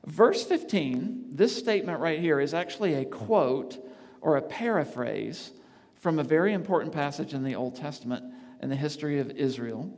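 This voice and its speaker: Guy preaching in a big echoey hall, earnest, gets loud then goes real soft reading scripture. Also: mid-range voice, vocal fry. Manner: earnest, builds to emphatic peaks and drops to soft tones when reading scripture. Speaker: campus ministry speaker. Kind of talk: sermon. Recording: long reverb of a large hall.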